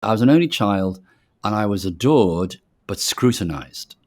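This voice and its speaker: Older liverpool guy, low-ish voice, faint scouse, reflective storytelling, does little voices for quotes. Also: lively intonation, normal speed, a little mellow. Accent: softened Liverpool English. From Liverpool, England. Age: 60s. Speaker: executive producer guest. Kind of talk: casual interview.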